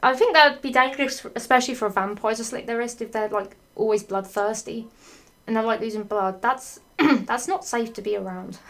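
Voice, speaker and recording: A woman reading a badly written story aloud for comedy, breaking off for sarcastic, sweary asides, laughing and clearing her throat often. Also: fairly high pitch, a little fast, a bit bright. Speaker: fanfiction reader.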